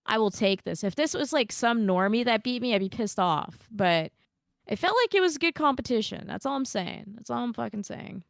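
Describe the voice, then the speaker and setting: A woman's voice: on the high side, animated, moderate pace, gravelly, no room sound, clean studio sound. Chatty Canadian woman reading stream chat. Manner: chatty, swears freely, laughs often. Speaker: podcast co-host.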